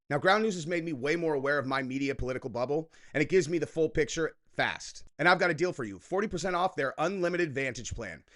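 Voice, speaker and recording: A man in his thirties hosting political reaction commentary, sarcastic and mocking with loud outbursts. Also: fairly high pitch.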